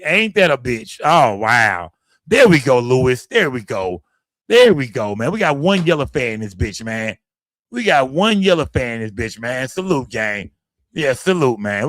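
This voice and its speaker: A man from Dallas, hosting a casual livestream, talking in a rambling, profane, animated way into a close mic. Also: mid-range voice, dry recording. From Dallas, Texas. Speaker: livestream host. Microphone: streaming setup, close mic.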